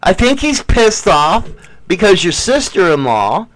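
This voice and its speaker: Male podcast co-host, high and very lively, crude, boastful banter. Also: a little slow. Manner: profane, boastful, mock-preaching. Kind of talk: casual banter.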